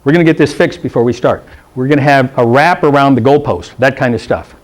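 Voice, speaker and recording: A middle-aged man with a medium-pitched, brisk voice teaches a rules class to football officials in a meeting room. He's blunt and jokey, keeps asking "okay?", and acts out the coaches in his anecdotes with funny voices.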